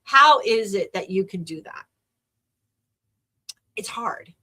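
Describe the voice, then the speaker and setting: A woman's voice: mid-range voice, animated, takes it slowly, pushed and bright. A woman hosting a podcast, talking in a chatty, rambling and enthusiastic way. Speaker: podcast host. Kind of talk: casual solo podcast talk.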